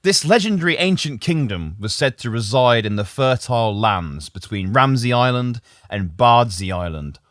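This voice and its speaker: A man's voice: medium pitch, normal speed, hardly any pauses, dry recording, clean studio sound. A man hosting a casual comedy podcast, joking and laughing often as he tells the story. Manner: jokey, laughs often, lively delivery. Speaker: podcast host and writer.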